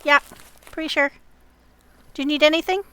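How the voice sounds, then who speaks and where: A woman hosts a survival game video, chatting with another player and talking warmly to viewers with lots of fillers. Her voice sits high and sounds pushed and bright, with fairly even intonation at a moderate pace.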